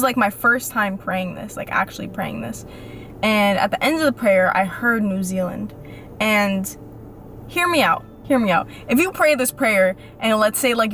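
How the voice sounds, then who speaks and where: A young woman vlogging in a chatty, animated way, repeating phrases for emphasis. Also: mid-range voice. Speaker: faith vlogger. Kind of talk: casual talk to camera.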